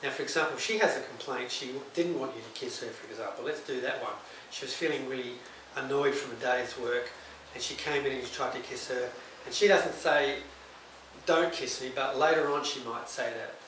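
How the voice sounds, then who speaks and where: A man's voice: mid-range voice, fairly quick, fairly bright tone, far from the mic. A middle-aged male counsellor gives relationship advice straight to camera in a plain, conversational way, now and then acting out short exchanges. His voice sits in the middle range and carries a strong room echo. The mic is set back from him, and a faint hiss runs underneath. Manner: plain, conversational, acts out short example dialogues. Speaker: counsellor and psychotherapist. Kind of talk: direct-to-camera advice talk.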